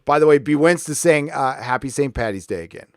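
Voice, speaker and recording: A man's voice: medium pitch, animated, brisk, no room sound, clean studio sound. A man hosting a live stream, ranting angrily with heavy profanity, then easing into casual chat with viewers. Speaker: livestream host.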